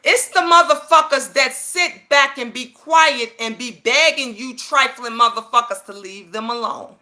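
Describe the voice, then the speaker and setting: Woman, 50s, high voice, profane heated rant, repeats herself, confrontational. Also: unhurried, bright, forceful tone. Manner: keeps asking viewers if they understand. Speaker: YouTube commentator. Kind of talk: heated personal rant to viewers.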